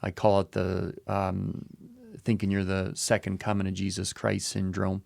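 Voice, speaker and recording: A man's voice: low-pitched, completely flat delivery, a little slow, creaky, darkish tone, no room sound. A man co-hosting a podcast who muses in casual talk and repeats short phrases as he works through an idea. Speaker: podcast co-host. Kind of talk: casual reflective chat.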